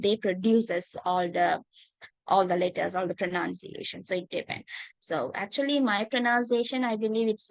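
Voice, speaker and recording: A woman with a Sri Lankan accent teaching English in an online class. She is patient, calls students darling and dear, and pauses often with "uh". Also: mid-range voice, no room sound, low-quality recording. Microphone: video call.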